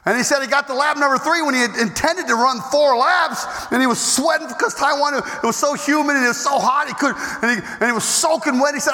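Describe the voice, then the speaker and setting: A man preaching a storytelling sermon in an animated way, swinging between loud outbursts and hushed tones. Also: extremely high pitch, brisk, in a large hall.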